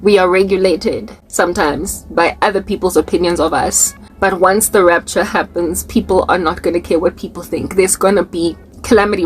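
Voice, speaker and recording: Laughing South African woman preaching. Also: medium pitch. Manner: laughs often, repeats words for emphasis. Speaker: online preacher. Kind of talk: unscripted prophetic sermon to camera.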